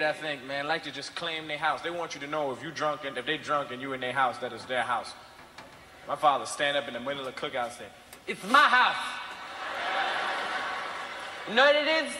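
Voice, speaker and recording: A man's voice: medium pitch, bright, forceful tone. A man doing stand-up comedy, telling profane family stories in a casual way. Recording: echoey noisy hall recording.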